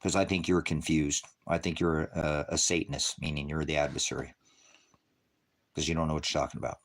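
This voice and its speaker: A man preaching on a livestream, berating viewers in his chat with constant profanity and swinging between shouting and muttering. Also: a bass voice, flat delivery, a little fast.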